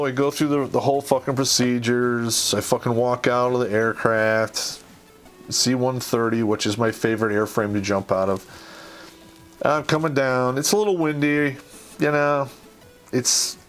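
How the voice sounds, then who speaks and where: Blunt, profane man telling war stories. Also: medium pitch. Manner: profane, blunt, rambling with fillers. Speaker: host, former Army Ranger. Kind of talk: casual storytelling.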